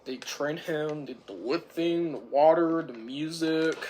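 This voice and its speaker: A reviewer with a sore throat rambling casually through a film's plot, clearing their throat again and again. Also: mid-range voice, heavy background noise. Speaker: film reviewer. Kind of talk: rambling casual movie recap.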